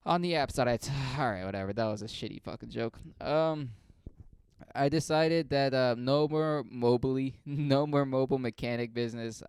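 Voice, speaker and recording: Young guy ranting a funny story, cussing nonstop, smooth voice, dry sound. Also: mid-range voice, a little mellow, no echo. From Africa. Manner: profane, exasperated storytelling. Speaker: comedian. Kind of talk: casual comedic rant.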